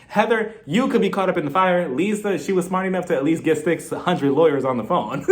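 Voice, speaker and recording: A man giving a sassy, animated casual recap of a reality TV reunion, often mimicking the cast. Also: sits high, fairly quick, hardly any pauses. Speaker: reality TV reviewer.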